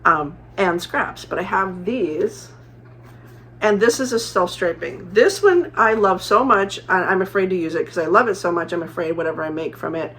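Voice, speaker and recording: A woman's voice: on the low side, normal speed, a bit bright, slight background noise. A middle-aged woman from Arizona chatting casually as a crafting vlogger, rambling with many fillers and restarts. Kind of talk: casual chat.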